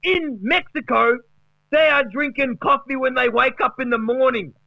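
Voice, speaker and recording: Brash Aussie ex-footy star, bragging and swearing, pitched up high, as a man puts him on; dull dry sound. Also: normal speed, fairly bright tone, dry recording. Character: brash boastful middle-aged male ex-footballer.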